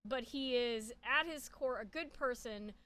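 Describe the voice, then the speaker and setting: A woman talks through a character analysis in a chatty, rambling way, full of fillers and restarts. Her voice sits high and sounds bright and forceful. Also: a little slow. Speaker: speaker giving a character analysis. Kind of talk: casual spoken analysis.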